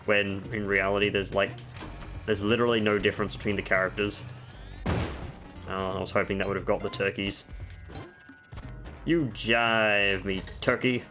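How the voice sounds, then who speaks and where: Gaming creator, male, deeper voice, easygoing commentary with self-deprecating asides over quiet game music. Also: flat delivery, brisk, long pauses. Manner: chatty, explains game tips with offhand self-mocking jokes. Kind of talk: casual gameplay commentary. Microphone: desk microphone.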